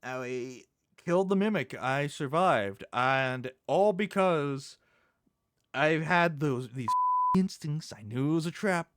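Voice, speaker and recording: A man narrates his own horror gameplay, his pitch bouncing around as he reacts. He cuts off swears when something startles him, then settles into a plain wrap-up for viewers. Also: takes it slowly, dry recording, clean studio sound. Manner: jumpy, swears under breath, animated reactions. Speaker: gaming YouTuber. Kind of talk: horror game commentary.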